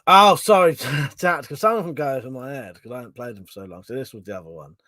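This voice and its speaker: A man's voice: medium pitch, quick pace, sharp tone, no room sound. Chatty man, dry sound. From southern England. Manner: chatty, laughs often, swears casually. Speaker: livestream host. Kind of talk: casual stream chat reading viewer comments.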